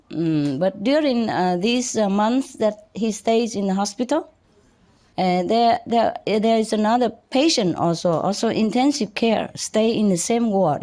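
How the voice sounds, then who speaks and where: A woman tells her own life stories to listeners as their spiritual teacher. She speaks in a halting, informal way, restarting phrases and chuckling often. Her pitch sits in an ordinary middle range. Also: darkish tone. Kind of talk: personal storytelling to an audience.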